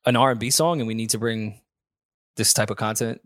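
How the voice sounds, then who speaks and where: A man's voice: lowish voice, fairly even intonation, fairly quick, fairly bright tone, no room sound, clean studio sound. A man co-hosting a podcast, chatting casually and dryly while reacting to a music video. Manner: laid-back, wry commentary. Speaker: podcast co-host.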